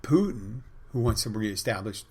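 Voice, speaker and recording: A man's voice: lowish voice, expressive, normal speed, warm tone, slightly rough. A man hosting his own podcast, telling a bar story in a loose, chatty monologue with lots of asides and the odd swear word. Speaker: podcast host and bartender. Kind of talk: casual rambling storytelling monologue.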